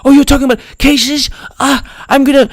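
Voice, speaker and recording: A man voicing a parody of a flustered male journalist, talking in a squeaky, rushed stammer. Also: fairly even intonation, no echo, studio quality. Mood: mocking.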